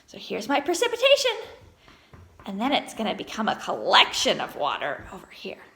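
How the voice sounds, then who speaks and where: A woman teaching an online lesson to young children, encouraging them and sounding out words slowly. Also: medium pitch, wildly swooping pitch, creaky, pushed and bright.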